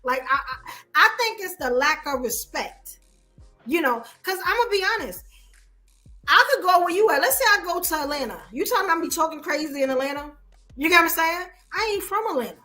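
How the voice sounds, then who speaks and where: A woman's voice: very high voice, a little fast, soft background music. A woman from Brooklyn with a New York accent, hosting a podcast in casual, emphatic chat. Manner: animated, emphatic storytelling with repeated "you get what I'm saying". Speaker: podcast host.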